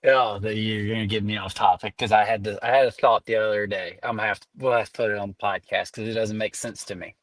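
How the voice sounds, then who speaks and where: A man's voice: on the low side, steady tone, fast, few pauses, fairly bright tone. A young man with a Southern American accent, co-hosting a casual podcast, asking curious questions that he often stops and restarts. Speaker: podcast co-host.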